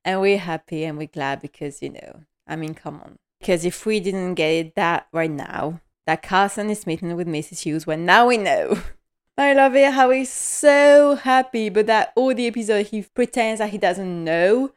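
Brief: woman host, casual show recap, eager and giggly, mid pitch, clean smooth tone. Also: normal speed. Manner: enthusiastic, laughs often, many fillers. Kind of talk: casual chat.

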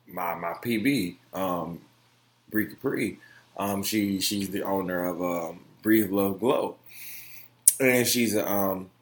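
A young man hosting his own opinion podcast, talking emphatically with lots of profanity, repeated phrases and fillers. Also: fairly low pitch. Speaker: podcast host. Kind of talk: solo opinion podcast rant.

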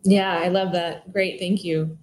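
A woman's voice: on the low side, level tone, unhurried, a little mellow, slight background noise. A woman podcast host and behavioral scientist asking polite, formally worded prepared questions. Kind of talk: interview questions.

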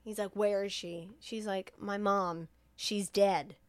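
A woman's voice: mid-range voice, fairly even intonation, slow. A tipsy woman co-hosting a podcast, retelling movie scenes in casual chat and acting out the characters' lines. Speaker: podcast co-host recapping a movie.

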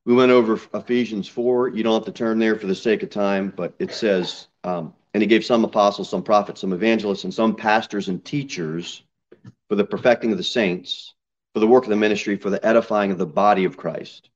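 A man preaching a sermon in a church, reading scripture aloud and building to emphatic, loud, high peaks. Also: fairly even intonation, a little fast. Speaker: pastor. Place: church sanctuary. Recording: slightly dull church recording.

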